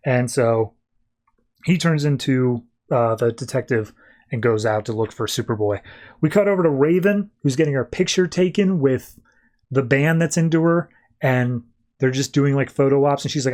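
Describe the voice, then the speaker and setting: A man hosting a podcast, casually retelling a comic book story, quoting characters in quick offhand voices and talking loosely with fillers. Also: medium pitch, darkish tone. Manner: loose, filler-heavy delivery with "like" and "uh". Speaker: podcast host.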